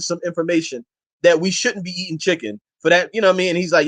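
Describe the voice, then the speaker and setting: Male interview guest, rapid delivery, impassioned and slangy, exhorting. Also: high voice, flat delivery, bright, forceful tone. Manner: impassioned, exhorting his listeners; slangy and emphatic. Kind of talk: casual interview talk.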